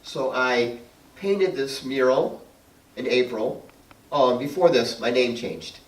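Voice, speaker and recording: A man's voice: mid-range voice, takes it slowly. Chatty man telling stories in a roomy hall. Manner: chatty, laughs often, acts out dialogue. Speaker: guest speaker and painter. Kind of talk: personal storytelling talk. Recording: roomy sound from a distant mic.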